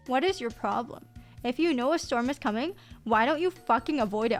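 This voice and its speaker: A woman streamer in casual live-stream chat, excitable and swearing freely. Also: sits high, a little fast, soft background music.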